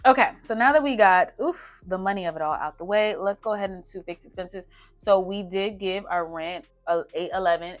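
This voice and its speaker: Young woman chatting thru her budget, voice on the low side, soft music under it. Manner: chatty, talks to herself while doing math. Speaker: budgeting vlogger. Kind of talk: casual budgeting walkthrough.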